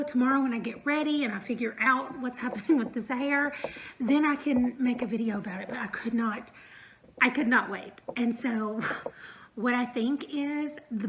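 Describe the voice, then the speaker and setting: A woman in her thirties chats casually at home in a room for her book vlog, rambling with fillers and little laughs. Her voice is fairly high and fairly bright, and the low-quality recording carries a little hiss or hum.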